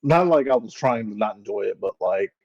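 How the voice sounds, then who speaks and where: A man's voice: fairly low pitch, lively intonation, a little fast, breathy edge, no echo, highs cut off. A laid-back man co-hosting a casual movie chat, swearing freely. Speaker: podcast co-host.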